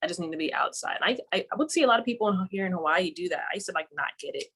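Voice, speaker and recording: A woman's voice: lowish voice, animated, racing, a bit bright, breathy edge. A woman co-hosting a casual podcast chat, telling laid-back stories about her routines. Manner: chatty, storytelling, laid-back. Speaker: podcast co-host.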